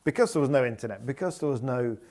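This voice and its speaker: A man's voice: medium pitch, expressive, fast, a little mellow. A man on a rally panel, telling long anecdotes in casual chat, full of fillers and restarts. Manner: rambling anecdotal storytelling with fillers. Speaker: rally pundit.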